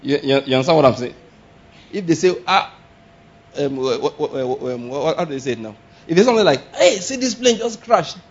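A man preaching a sermon, animated and often laughing, firing rhetorical questions and shouting exclamations. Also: medium pitch, fairly quick, long pauses. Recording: dull lo-fi sound.

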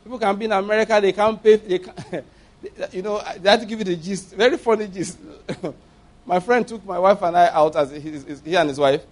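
High-voiced Nigerian preacher telling stories. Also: male voice, normal speed. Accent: Nigerian English. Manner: storytelling, emphatic, often laughing. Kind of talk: sermon.

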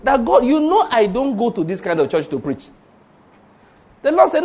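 A man's voice: extremely high pitch, sing-song, moderate pace, long pauses, darkish tone. A man preaching a sermon, telling a story with emphasis and rhetorical questions.

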